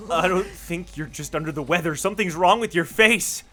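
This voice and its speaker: A streamer giving let's play commentary with jumpy, excitable reactions while reading a story game aloud. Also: medium pitch, normal speed, few pauses, soft background music.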